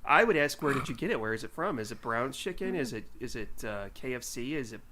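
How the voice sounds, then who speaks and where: A man co-hosting a podcast in casual chat, animated and jokey, often trailing off mid-sentence. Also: medium pitch, brisk, background noise. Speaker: podcast co-host.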